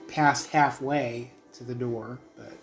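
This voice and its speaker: A man's voice: medium pitch, steady tone, slow. Man, game master, tabletop narration, easygoing, hesitant, music in background.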